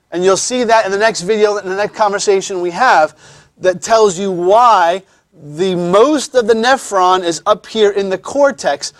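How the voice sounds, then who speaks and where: A man with a high voice, recorded with no echo, gives a classroom lecture, pausing often to explain things conversationally and repeating his words.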